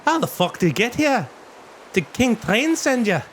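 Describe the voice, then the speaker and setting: A man's voice: extremely high pitch, big pitch swings, normal speed, slight background noise, voice pushed up. A man voicing a weathered old female dwarf who swears and rolls her R's. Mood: startled.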